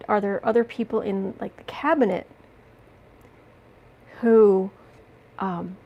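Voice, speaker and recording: A woman hosting a casual livestream from home, chatting with viewers and reading their questions in a relaxed, rambling way. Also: mid-range voice. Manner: chatty, coos baby talk to her cat between reading viewer questions. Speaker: tarot reader and livestream host.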